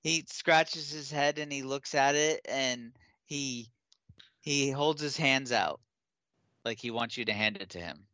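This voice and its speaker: A man narrating as game master in a tabletop game, halting and restarting as he goes. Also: medium pitch, pushed and bright, no room sound, highs cut off.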